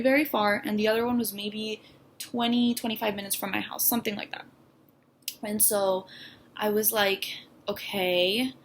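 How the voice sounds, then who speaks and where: Young woman, personal vlog story, candid and halting, lots of fillers, faint hum behind. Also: medium pitch. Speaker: vlogger.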